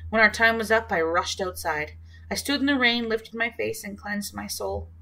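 A woman reading a first-person novel as an audiobook, in a measured, reflective manner. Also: medium pitch, vocal fry, bright, forceful tone, rough recording. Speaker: audiobook narrator.

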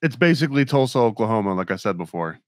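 A man's voice: on the low side, sing-song, fast talker, no room sound, studio quality. Laid-back laughing man on a podcast. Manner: laid-back, laughs often, lots of fillers. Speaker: podcast host. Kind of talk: casual podcast chat.

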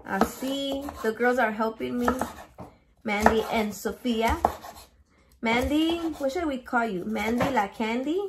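A young woman with a slightly high voice cooks on camera in a home kitchen and chats casually. She swears freely, jokes around and slips Spanish words into her English. Chopping and clicking come through clearly behind her. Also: a little slow, heavy background noise. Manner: profane, playful, mixes Spanish into English. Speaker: home cook vlogger. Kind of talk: casual cooking vlog.

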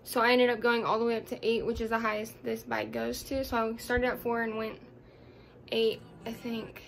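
A woman's voice: fairly high pitch, little pitch movement, moderate pace, vocal fry, a little hiss or hum. A young woman, out of breath after exercising, rambling chattily through a casual workout vlog with lots of fillers. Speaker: vlogger. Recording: background music under voice.

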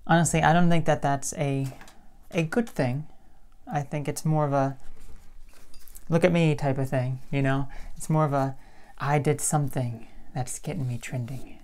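A young woman talking calmly and reflectively to camera in a casual vlog. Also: low voice, normal speed. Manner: calm, even-toned and reflective. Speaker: YouTuber.

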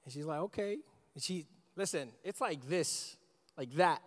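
A man in his thirties preaching a sermon as pastor, animated and conversational, often asking the congregation questions. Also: fairly high pitch, moderate pace, pauses often. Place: church sanctuary. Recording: long church reverb.

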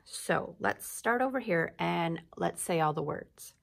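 A woman's voice: fairly low pitch, animated, a little slow, vocal fry, hardly any pauses. A woman teacher giving a patient phonics lesson to young children, drawing out and sounding out words.

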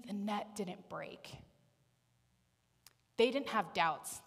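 A woman giving a sermon in a playful, animated storytelling manner, acting out the voices of the people in her story. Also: on the low side. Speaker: preacher. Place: church. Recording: long reverb of a church hall.

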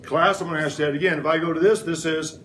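A man's voice: fairly high pitch, fairly even intonation, quick pace, a bit bright, roomy sound, recorded from a distance, slight background noise. A middle-aged man teaching a science lesson in a classroom, quizzing the class in playful call-and-response. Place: elementary school classroom.

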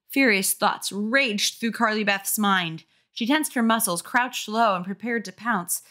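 A tipsy young woman reading a children's horror book aloud for laughs. She stumbles over phrases and breaks off into wry, sarcastic commentary, her pitch moving around a lot. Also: a little slow, hardly any pauses, bright, forceful tone. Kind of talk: comedic drunk read-aloud.

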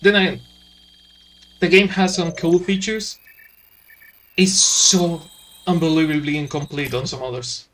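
A man's voice: fairly high pitch, fairly even intonation, measured pace, long pauses, a bit bright. A man commenting on a game while playing, ranting sarcastically with lots of swearing. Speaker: let's play commentator. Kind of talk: gameplay commentary.

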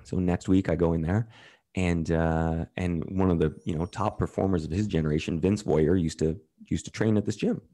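Deep, mellow-voiced man telling candid stories. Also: steady tone, moderate pace. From Canada. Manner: candid, profane, retells quotes in others' voices. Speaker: podcast guest. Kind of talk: casual storytelling.

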